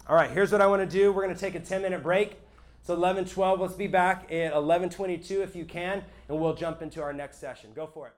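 A pastor with a high male voice talks fast and keeps a steady tone while preaching to a live congregation. He comes across as conversational and emphatic, often checking in with his audience.

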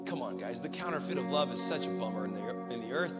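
A young man preaching a sermon in a casual, earnest way, with growing excitement. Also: medium pitch, quick pace, over loud music.

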